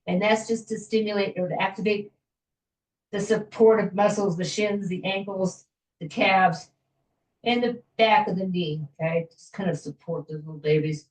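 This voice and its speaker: A woman fitness instructor guiding a floor stretching class in a gentle, chatty way, with small jokes about herself. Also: medium pitch, steady tone, moderate pace, far from the mic. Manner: gentle, chatty, self-joking with little laughs. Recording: echoey room, voice from afar.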